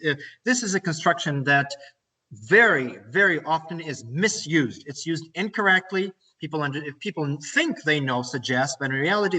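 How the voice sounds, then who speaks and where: Bright-voiced Ukrainian man teaching English. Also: fairly high pitch. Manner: explains and repeats phrases, stresses grammar points. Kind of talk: online lesson lecture. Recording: voice a bit far from the mic.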